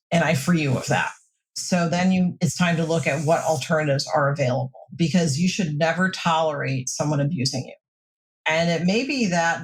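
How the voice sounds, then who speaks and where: A woman mental health counselor giving steady, reassuring advice in a podcast interview. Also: fairly low pitch.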